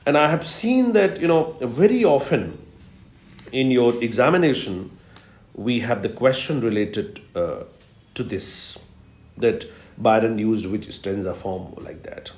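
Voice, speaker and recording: A man giving a recorded literature lecture, explaining patiently and repeating key terms slowly for emphasis. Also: mid-range voice, lively intonation, a little mellow. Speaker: literature professor. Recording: roomy echo.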